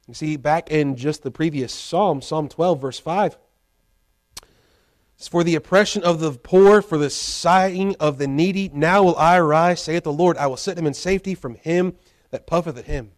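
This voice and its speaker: High-voiced man preaching a sermon. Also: moderate pace. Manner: acts out a pleading voice for quoted prayers; conversational preaching with repeated restarts. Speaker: pastor.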